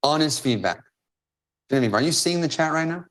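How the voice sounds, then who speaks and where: A man's voice: fairly high pitch, lively intonation, brisk, a bit bright. Guy hosting a live coaching stream on a video call, punchy, repeats stuff for emphasis. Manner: emphatic, repeats phrases for stress. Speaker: host and business coach.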